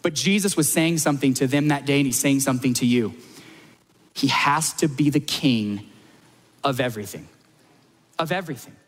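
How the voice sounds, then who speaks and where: A man's voice: medium pitch, normal speed, long pauses, big-room sound. A man preaching a sermon as pastor at a church service, emphatic, repeating lines and building to peaks.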